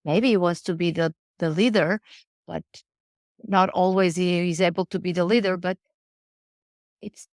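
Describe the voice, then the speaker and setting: Woman in her 40s, lowish voice, dry close sound, earnest, keeps restarting words. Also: steady tone, measured pace, pauses often, dry recording. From Portugal. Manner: earnest, repeats words while searching for phrasing. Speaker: guest, riding instructor. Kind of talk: casual interview conversation.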